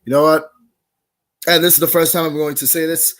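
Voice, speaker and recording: A man, a professional wrestler, cutting a heated in-character promo in an accusatory, shouting manner. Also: a little high, a little fast.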